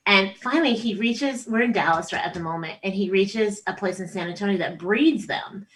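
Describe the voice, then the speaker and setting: Animated woman telling a comic story, a bit off-mic. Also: mid-range voice, normal speed, far from the mic, poor audio. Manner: animated storyteller, swears freely, acts out family voices. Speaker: comedian guest. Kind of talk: casual podcast chat, storytelling.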